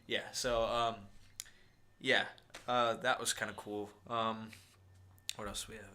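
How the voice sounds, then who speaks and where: Young male podcast co-host, bright voice, casual rambling chat. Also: lowish voice, flat delivery, slow pace. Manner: rambling, lots of fillers and impressions.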